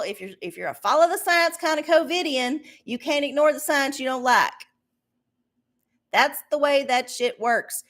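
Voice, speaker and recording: A woman's voice: high-pitched, a bit bright. A woman hosting a casual livestream, ranting and swearing with a sarcastic edge. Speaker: livestream host.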